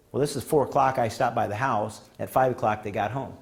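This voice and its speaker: At a conference, a man with a gravelly, medium-pitched voice tells folksy stories fast and with few pauses. He animates his anecdotes by acting out what the people in them said.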